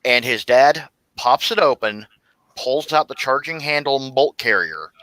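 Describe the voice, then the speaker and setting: Bright-voiced man telling a profane story. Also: mid-range voice, lively intonation, a little slow, poor audio. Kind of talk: casual chat, storytelling.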